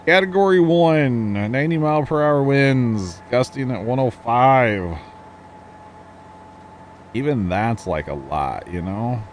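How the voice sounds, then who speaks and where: Casual male streamer, lowish voice, easygoing explainer who talks to chat. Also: slight background noise. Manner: chatty, reads chat aloud, explains farming gear. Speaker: livestream host. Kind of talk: casual gameplay commentary.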